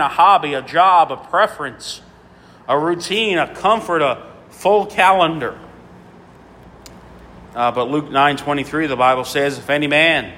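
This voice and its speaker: A man's voice: a little high, fairly bright tone, a little hiss or hum. A male pastor preaching a sermon with a repetitive, rhythmic cadence and frequent fillers. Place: church sanctuary. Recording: long reverb in a large hall.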